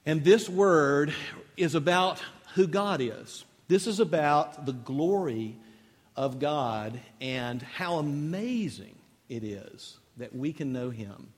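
A man's voice: on the high side, animated, slow pace. A man preaching a sermon as pastor, conversational and rising into emphatic lists. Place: church sanctuary. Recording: long reverb of a large hall.

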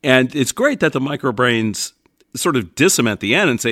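A man co-hosting a podcast in a casual comedic chat, animated and exaggerated. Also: medium pitch, normal speed, no echo, studio quality. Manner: animated, exaggerated, slips into silly voices. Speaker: podcast co-host.

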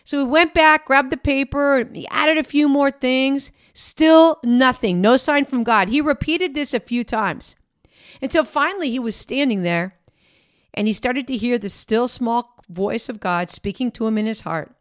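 A woman's voice: on the high side, animated, measured pace. A woman hosting a devotional podcast, telling a story in a conversational way with fillers and restarts, and acting out the people she quotes.

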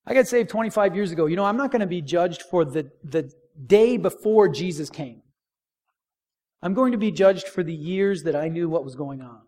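A man's voice: high-pitched, animated, moderate pace. Emphatic male pastor preaching. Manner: emphatic, repeats key phrases, drops to a near hush for stress. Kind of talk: sermon. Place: church.

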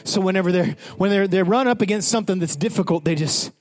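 A male pastor preaching with passion, rising to shouts and dropping to whispered, chanted repetitions. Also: high voice, fast talker. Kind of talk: sermon.

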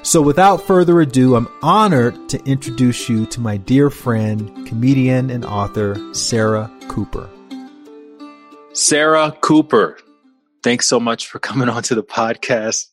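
A man's voice: medium pitch, measured pace, soft background music. A man hosting a podcast who introduces his guest and then interviews her in a friendly, teasing way. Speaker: podcast host. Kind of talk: casual interview.

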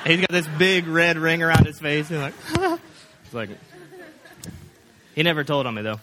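A pastor preaching a sermon in a folksy, rambling storytelling way, full of fillers and restarts. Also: male voice, fairly high pitch, very animated, moderate pace, long pauses, pushed and bright.

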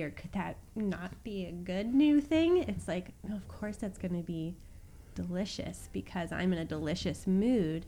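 Mellow, upbeat woman co-host. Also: lowish voice. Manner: upbeat, earnest, spiritual talk. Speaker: podcast co-host. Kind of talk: casual chat.

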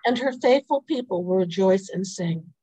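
A woman reading psalms and a scripture lesson aloud in a morning prayer service, in a measured, even way. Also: medium pitch, breathy edge, rough recording. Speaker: scripture reader. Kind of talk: liturgical responsive reading.

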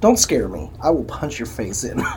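A man's voice: medium pitch, big pitch swings, moderate pace, warm tone, slight background noise. A man from Illinois co-hosting a podcast, telling stories bluntly with laughs in casual chat. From Alton, Illinois. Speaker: podcast co-host.

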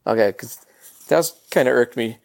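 A man's voice: medium pitch, moderate pace, creaky. A man as a podcast guest in casual chat, laid-back and jokey, peppering his talk with dude and man.

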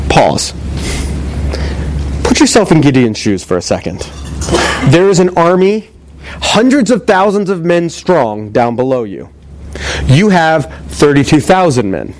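A man's voice: on the high side, sing-song, unhurried, long pauses, a little mellow. A man preaching a sermon, retelling a story in a conversational way and acting out the dialogue with joking asides. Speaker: pastor.

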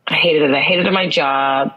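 A woman speaks a little lower than most, with a husky, breathy edge to her voice. She tells a personal story in an interview, earnest, and leans into emphatic repetition. It sounds like a conversational podcast. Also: normal speed, highs cut off. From United States. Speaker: guest.

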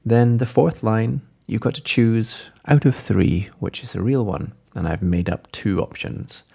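A man co-hosting a podcast in casual chat, jokey and quick to laugh. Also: fairly low pitch, lively intonation, creaky, warm tone, breathy edge. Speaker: podcast co-host.

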